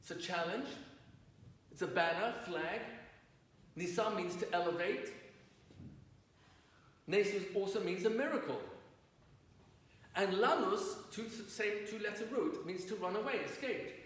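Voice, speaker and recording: A man's voice: high voice, a little slow, long pauses. A man, a rabbi, giving a lecture to an audience, telling stories and asking the audience questions. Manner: storytelling, asks the audience questions. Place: lecture hall. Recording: roomy distant recording with faint noise.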